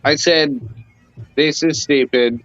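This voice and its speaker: A man from Canada co-hosting a podcast, chatting casually in a relaxed, rambling way full of fillers. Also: a little high, slow, no echo, dull audio, faint music behind. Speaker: podcast co-host. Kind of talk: casual chat.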